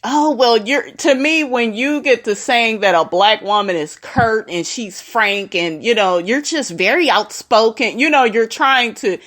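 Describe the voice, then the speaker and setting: A woman's voice: a little high, a little slow, few pauses, a bit bright. A young adult woman giving casual commentary to her viewers, blunt and outspoken, often addressing them directly. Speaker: commentary vlogger.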